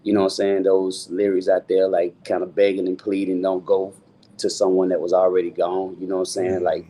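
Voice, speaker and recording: A man's voice: low voice, monotone, a little fast, warm tone. A middle-aged man, a singer talking loosely in an interview and filling his talk with "you know what I'm saying". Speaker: guest singer.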